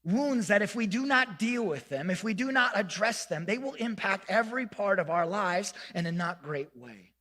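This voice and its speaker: A man preaching a sermon as pastor, telling a self-mocking story in an animated way and acting out the lines of the people in it. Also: high voice, normal speed, few pauses, in a large hall. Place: church sanctuary.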